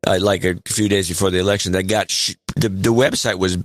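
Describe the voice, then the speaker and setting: A man's voice: sits low, steady tone, brisk. A man co-hosting a podcast in casual political chat, emphatic and repeating words for stress. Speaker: podcast co-host.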